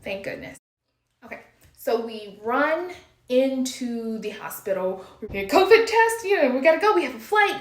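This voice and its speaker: With a high voice at a moderate pace, this woman in her thirties from the United States tells a casual story to viewers in an echoey room. Breathless and animated, she plays out her own panicked shouting.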